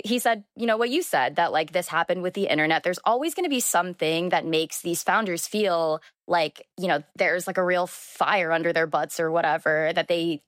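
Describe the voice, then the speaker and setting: A woman's voice: lowish voice, fairly bright tone, no echo, clean studio sound. A young woman in her twenties, a journalist guest, chatting freely with many fillers and "like"s. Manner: chatty, lots of filler words and "like". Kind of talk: conversational interview.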